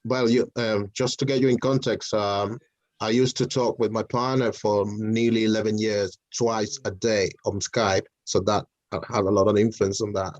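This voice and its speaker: A man's voice: fairly low pitch, flat delivery, moderate pace, darkish tone, no room sound, lo-fi sound. Hesitant man with a Spanish accent. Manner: hesitant, many fillers and restarts. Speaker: mentoring session participant. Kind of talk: casual group video call. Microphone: video call.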